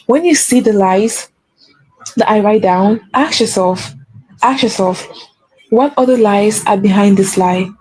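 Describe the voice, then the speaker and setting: A woman's voice: medium pitch, a little slow, a little mellow, husky, poor audio. A woman giving an earnest spiritual pep talk as a faith coach, repeating key phrases for emphasis.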